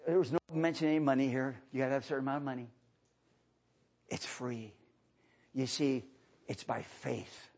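A man preaching a revival sermon who swings between fervent shouted highs and low, hushed passages. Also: slightly rough.

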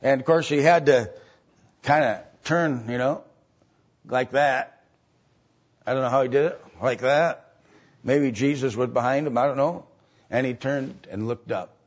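Slow husky-voiced male preacher. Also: medium pitch, highs cut off. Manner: halting, explains step by step, many filler sounds. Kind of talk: sermon.

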